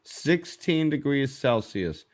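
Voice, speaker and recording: A man's voice: mid-range voice, very animated, takes it slowly. A man hosting a live stream, chatting casually in a blunt, joking, profane way. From New York. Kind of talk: casual chat.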